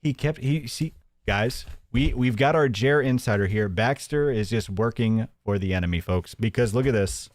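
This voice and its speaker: Hosting a live-stream commentary show, a man mocks and jabs sarcastically, laughing often and switching into a high voice to mimic others. His pace is moderate, and the recording has no echo.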